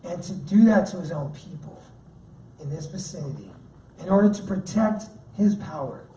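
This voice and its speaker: Guy preaching at church, chill and jokey, mellow voice, kinda far from the mic. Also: high voice, lively intonation, moderate pace. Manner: casual, joking, conversational. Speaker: guest speaker. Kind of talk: sermon. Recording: echoey room, mic at a distance.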